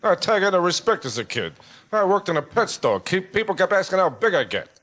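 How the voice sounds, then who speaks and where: A man doing an impression of a nervous older comedian in a sketch, telling quick self-deprecating jokes. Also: high-pitched, very animated, fairly bright tone. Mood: complaining.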